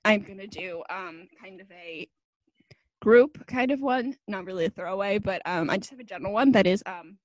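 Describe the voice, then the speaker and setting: A woman's voice: mid-range voice, normal speed, dry recording. Chatty young woman, dry close mic. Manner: chatty, filler-heavy, teasing. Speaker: podcast co-host. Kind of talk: casual chat.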